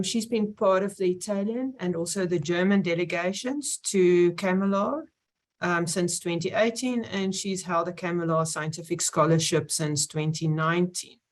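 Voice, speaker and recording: A woman chairing an online science symposium, introducing speakers with many pauses and fillers. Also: on the low side. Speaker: session chair.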